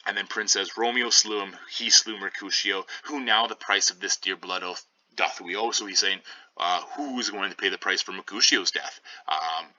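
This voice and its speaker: A man's voice: low-pitched, normal speed, sharp tone, poor audio. A man teaching, reading lines of a play aloud and paraphrasing them in a casual, chatty way.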